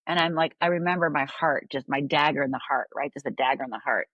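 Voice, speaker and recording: A woman's voice: low voice, fast talker, a bit bright, husky, dry recording, highs cut off. A woman coach on a podcast interview, telling a story animatedly and often adding "right?". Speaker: life coach guest.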